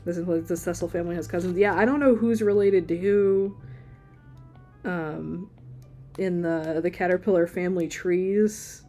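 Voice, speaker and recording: A woman's voice: fairly low pitch, steady tone, a little slow, warm tone, faint music behind. A woman streaming live as she draws, chatting casually in a rambling, playful way and laughing often. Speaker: livestream artist. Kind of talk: casual chat while drawing.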